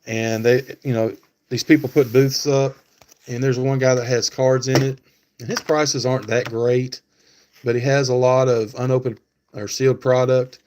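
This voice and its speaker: A man's voice: mid-range voice, fairly even intonation, moderate pace, a little mellow. A man hosting a casual live stream, talking to viewers by name and thinking aloud with many fillers. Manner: talks back to chat viewers by name.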